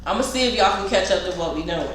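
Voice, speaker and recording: A woman's voice: mid-range voice, lively intonation, quick pace. Emphatic woman trainer in an echoey room. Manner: emphatic, direct, talks to viewers as y'all. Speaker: security trainer. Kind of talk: casual instructional talk. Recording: very echoey room, faint noise.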